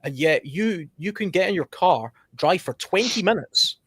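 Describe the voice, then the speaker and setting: A man's voice: sits high, lively intonation, moderate pace, a bit bright, breathy edge. A man chatting casually on a podcast, telling anecdotes and often repeating words as he starts a thought. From United Kingdom.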